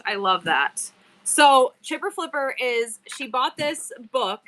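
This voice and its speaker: Bright chatty woman livestream host. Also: a little high. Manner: chatty, reads viewer bios aloud, quick asides. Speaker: live-stream seller host. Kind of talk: casual livestream chat.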